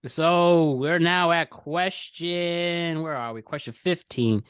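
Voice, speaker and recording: A man's voice: on the high side, slow, fairly bright tone, smooth, dry recording. A young man hosting a casual podcast game, telling rambling stories and often stopping to correct himself. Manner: rambling, self-correcting storyteller who laughs often. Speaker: podcast host running a quiz game.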